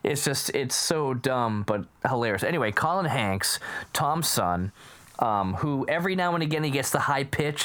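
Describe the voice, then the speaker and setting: A man in casual chat about comedy movies, animated, acting out quotes and laughing often. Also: medium pitch, moderate pace.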